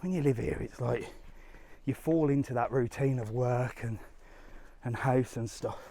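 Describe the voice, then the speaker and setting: A middle-aged travel vlogger with a warm, mid-range voice and an unhurried pace chats with viewers on a live walking vlog along an outdoor hillside, growing breathless on the stairs.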